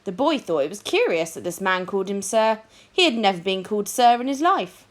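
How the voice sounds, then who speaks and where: Woman storyteller, reads children's fiction aloud with lively, dramatic expression. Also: mid-range voice, brisk. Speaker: reader of a children's book.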